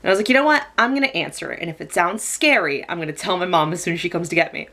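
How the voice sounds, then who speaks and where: A woman's voice: lowish voice, racing, bright, forceful tone. A young woman telling a personal story to the camera in a casual, chatty vlog style, with frequent "like" fillers. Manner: chatty, lots of "like" fillers, laughs while telling. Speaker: storytelling vlogger.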